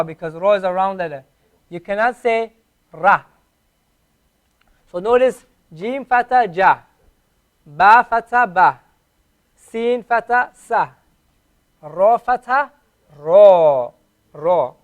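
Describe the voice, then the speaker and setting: High-voiced man teaching letter sounds. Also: lively intonation. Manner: slow, patient, repeats each sound clearly. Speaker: Arabic teacher. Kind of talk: classroom lesson, drilling pronunciation. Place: classroom.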